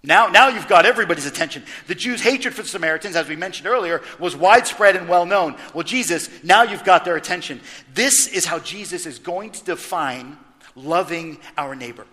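A man preaching a lively sermon, emphatic and full of rhetorical questions. His voice sits high and rings bright. The sound carries the long reverb of a church sanctuary. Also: brisk. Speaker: pastor.

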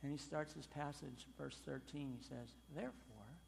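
A man preaching a sermon as pastor, emphatic, with loud stressed phrases and sudden quiet drops. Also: mid-range voice, steady tone, moderate pace, creaky, big-room sound, a little hiss or hum.

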